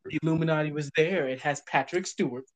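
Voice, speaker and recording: A man co-hosting a casual podcast, teasing the others with quick deadpan quips. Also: on the high side. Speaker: podcast co-host. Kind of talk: casual comedic chat.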